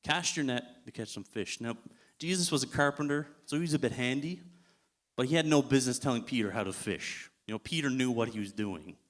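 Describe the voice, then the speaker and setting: A man's voice: medium pitch, brisk. A man giving a sermon as a guest preacher in a church, telling the story in a casual way and chuckling often.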